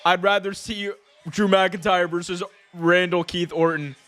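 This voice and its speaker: Excitable high-voiced male reaction host. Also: unhurried. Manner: excitable, slangy, breaks into laughter. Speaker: host of a wrestling watch-along. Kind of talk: live reaction commentary.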